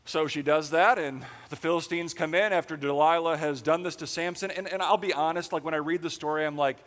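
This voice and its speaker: A man's voice: on the high side, steady tone, a little fast, few pauses, fairly bright tone, long reverb tail. A young man preaching a sermon in a casual, joking way, filling his speech with "like". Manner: casual, jokey, heavy use of "like". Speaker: pastor. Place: church sanctuary.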